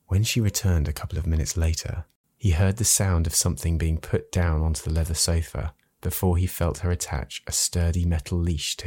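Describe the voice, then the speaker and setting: A man narrating an erotic story in a slow, measured, hushed delivery. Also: a bass voice, breathy edge, no room sound.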